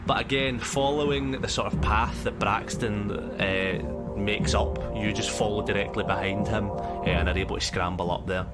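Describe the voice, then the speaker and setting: A man's voice: lowish voice, fairly even intonation, normal speed, few pauses. Scottish man narrating a tabletop game. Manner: hesitant, lots of ums and sort-ofs. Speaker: game master. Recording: music bed behind voice.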